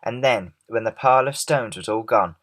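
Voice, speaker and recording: Male storyteller, medium pitch, expressive, measured children's book reading.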